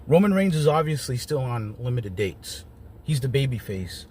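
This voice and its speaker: A man's voice: mid-range voice, very animated, normal speed, a little mellow, a little hiss or hum. A man giving a casual solo review of wrestling shows, chatty and wry, with lots of ums and joking asides.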